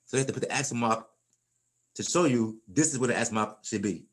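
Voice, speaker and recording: Relaxed man teaching a class. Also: mid-range voice, quick pace. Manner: relaxed, repeats and restarts words while explaining. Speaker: Spanish teacher. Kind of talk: casual classroom lesson.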